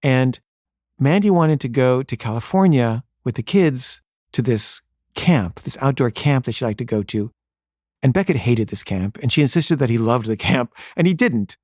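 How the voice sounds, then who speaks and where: A man's voice: mid-range voice, lively intonation, normal speed, a little mellow, no room sound, studio quality. A man telling a personal story in a casual, conversational way, full of fillers. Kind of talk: personal story told to an audience.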